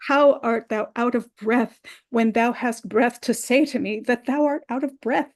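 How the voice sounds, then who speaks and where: A lovesick young girl, impatient and pleading, her lines rising urgently as she presses for news, read by a woman. The voice sits a little high. It carries the air of a Shakespeare reading. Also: fairly even intonation, measured pace, darkish tone.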